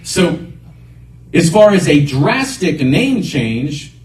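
A pastor preaches with earnest emphasis, driving his points home by repeating them. His voice sits a little high for a man. He is heard from some distance in an echoey room. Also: big pitch swings, slow. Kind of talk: sermon.

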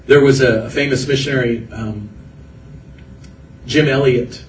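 A man's voice: mid-range voice, fairly even intonation, unhurried, roomy sound, recorded from a distance, slight background noise, rough recording. A man preaching a sermon as pastor, earnest and building through repeated phrases. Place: church hall.

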